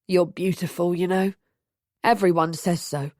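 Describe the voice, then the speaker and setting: A woman's voice: lowish voice, fairly even intonation, unhurried, a little mellow, no room sound, clean studio sound, natural voice. A woman doing a coaxing, confident young man.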